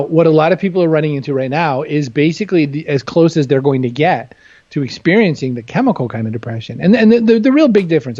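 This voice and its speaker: A man's voice: fairly high pitch, warm tone, no echo, muffled recording. A man talking candidly and with humor as an interview guest, often self-deprecating. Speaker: guest author. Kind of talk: casual interview chat.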